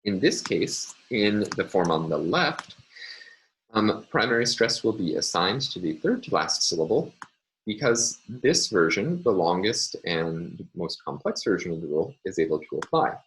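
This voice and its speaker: A man's voice: sits low, very animated, moderate pace, a bit bright, a little hiss or hum, poor audio. A man lecturing on linguistics over slides, careful and self-correcting, with frequent ums and uhs.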